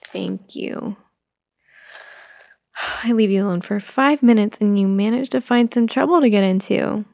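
A woman in a gentle mommy role-play, talking soothingly to an imagined toddler, sometimes whispering. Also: mid-range voice, measured pace, creaky.

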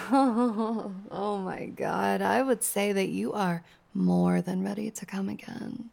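A woman's voice: mid-range voice, slow pace, vocal fry, a little mellow. A woman performing an erotic audio role-play in a dominant, teasing manner, often dropping to a whisper.

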